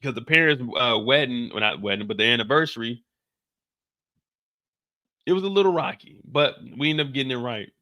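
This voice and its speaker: A man hosting a casual TV recap, talking in an animated, slangy and joking way. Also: medium pitch, brisk, pauses often, no room sound, studio quality. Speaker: show host.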